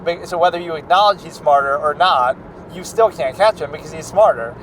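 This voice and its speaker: A man's voice: on the high side, a little fast, a bit bright, slight background noise, low-quality recording. Rambling man reacting to a TV show. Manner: rambling and opinionated, lots of "like". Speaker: show commentator. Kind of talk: casual reaction commentary.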